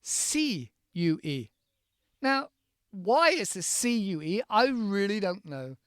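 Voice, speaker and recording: A man from the United Kingdom, teaching in a chatty, playful podcast lesson and slowly spelling words out letter by letter. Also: sits high, big pitch swings, fairly bright tone, clean tone, no echo, studio quality.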